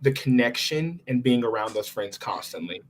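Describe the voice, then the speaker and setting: A young adult man, a recent college graduate, talking as a guest in a casual conversation and telling his story with animated frustration. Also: mid-range voice, moderate pace, slight background noise.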